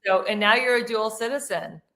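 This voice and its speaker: A woman's voice: fairly high pitch, a little fast, bright, forceful tone. A woman hosting a podcast interview, upbeat and encouraging. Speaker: podcast host.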